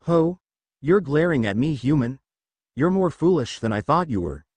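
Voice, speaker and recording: A man's voice: on the high side, lively intonation, moderate pace, darkish tone, breathy edge, dry recording. A man voicing a huge sealed male nine-tailed fox who growls and mocks. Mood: scornful. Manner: growling, mocking.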